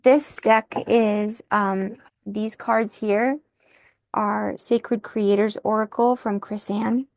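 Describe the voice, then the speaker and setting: A woman giving an intuitive tarot reading, soft-spoken and emotional, thinking aloud as she turns the cards. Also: medium pitch, steady tone, slow, vocal fry, dry recording. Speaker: tarot reader.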